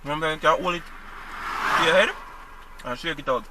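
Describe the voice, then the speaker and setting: A man talking casually to camera as he drives, relaxed and half to himself. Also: fairly high pitch, a little fast. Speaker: driving vlogger. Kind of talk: casual talk to camera while driving. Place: inside a car. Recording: car interior with road noise.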